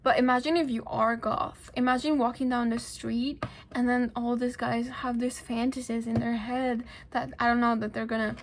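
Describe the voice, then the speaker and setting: A woman's voice: on the high side, flat delivery, moderate pace, a little hiss or hum. A young woman whose first language is not English, chatting and ranting casually to camera in a vlog, laughing often and dropping into whispers. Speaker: vlogger.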